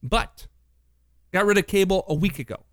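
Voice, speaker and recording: A man's voice: high-pitched, moderate pace, fairly bright tone, dry recording, clean studio sound. A man co-hosting a radio show, chatting casually on air with playful, teasing banter.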